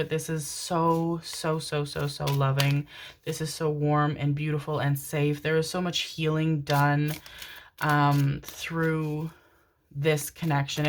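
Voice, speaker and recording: Woman, tarot reader, low pitch, gushing, affectionate, rambling, lots of ums. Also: slight background noise. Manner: gushing, affectionate, addresses viewers as darlings; rambling with many fillers and restarts. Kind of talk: pick-a-card tarot reading.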